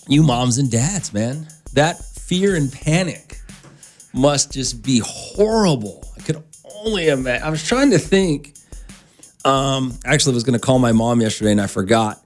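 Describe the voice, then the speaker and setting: Man rambling on morning radio. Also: medium pitch. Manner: loose, rambling storytelling aside to listeners. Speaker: radio morning show host. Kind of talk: casual radio chat. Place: radio studio. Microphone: studio microphone.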